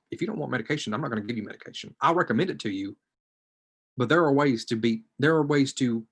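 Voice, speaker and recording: With a mid-range voice, a man shares personal testimony as a social work student on an online panel discussion. He speaks hesitantly and thoughtfully, often trailing off into a quiet murmur.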